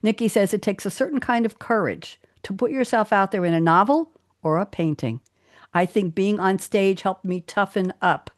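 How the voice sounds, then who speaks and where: An older woman hosting a live talk show with exuberant, theatrical energy. She chats warmly with her guests and reads her own verse with dramatic emphasis. The sound is close and dry. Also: mid-range voice, moderate pace, no echo. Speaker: host.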